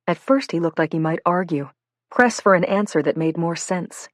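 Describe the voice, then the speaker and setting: Low-voiced woman audiobook narrator. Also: moderate pace, no room sound, studio quality. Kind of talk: scripted narration.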